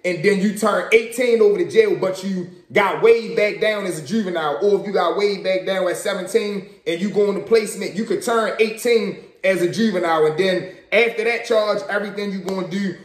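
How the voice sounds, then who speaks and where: A young man from Baltimore with a Baltimore accent, casually telling a story in slangy, animated talk with swearing. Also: high-pitched, echoey room. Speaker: storyteller vlogger.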